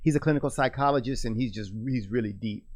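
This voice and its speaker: A man's voice: mid-range voice, fast talker, no echo. A middle-aged man co-hosting a radio talk show, talking earnestly in a casual discussion with lots of restarts.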